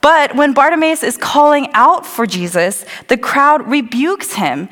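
A woman's voice: high voice, lively intonation, unhurried, a bit bright. A woman preaches a sermon in a church, drawing listeners into the scene. She tells the story vividly and sometimes acts out what the crowd says. Her voice rings out with a long hall reverb. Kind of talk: sermon with scripture reading. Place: church sanctuary.

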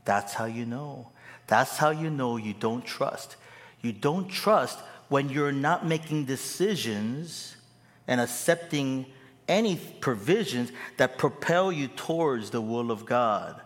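Male pastor, unhurried and humorous, rising to forceful preaching in a big echoing hall. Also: medium pitch, lively intonation. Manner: storytelling with humor, building to emphatic preaching. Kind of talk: sermon.

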